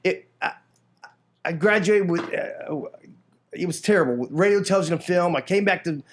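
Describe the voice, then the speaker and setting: A middle-aged man from Florida telling his life story in a casual interview, animated, acting out other people's lines and often restarting his sentences. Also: high-pitched, normal speed. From Florida, United States. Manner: frequent restarts and repeated words.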